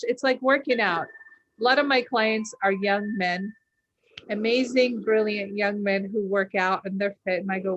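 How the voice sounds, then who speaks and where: A woman's voice: medium pitch, low-quality recording. Woman coach on her podcast, earnest motivational talk, acts out quotes, a bit of hiss in the back.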